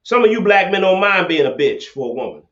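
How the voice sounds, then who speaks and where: Talking fast in a high, somewhat bright and very animated voice, a man runs a call-in debate livestream from his laptop webcam. He rants, preaches and confronts, circling back to the same points, all through echoey, muffled lo-fi audio.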